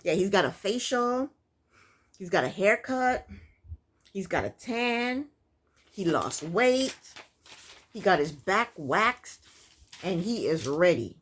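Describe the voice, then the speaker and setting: A woman recapping a reality show for her viewers, speaking in a casual and opinionated way. Her pitch moves a lot and her delivery is animated, as she often talks straight to the audience. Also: slow, long pauses, breathy edge. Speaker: TV recap vlogger.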